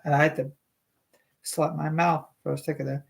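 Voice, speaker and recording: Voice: mid-range voice, level tone, moderate pace, vocal fry. A streamer reading a novel aloud live, tripping over hard words, correcting themselves, and breaking off for chatty asides.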